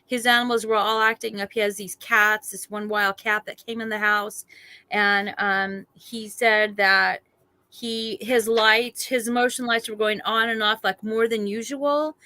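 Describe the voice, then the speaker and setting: A woman, a guest telling a personal story in a chatty, animated way and acting out other people's lines. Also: mid-range voice, unhurried, no room sound. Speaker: guest recounting a sighting.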